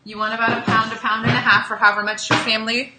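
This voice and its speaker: A woman's voice: fairly high pitch, level tone, fast talker, roomy sound, music in the background, low-quality recording. A woman hosting a casual live cooking demo, chatting with viewers as she cooks in a home kitchen. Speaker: cooking show host.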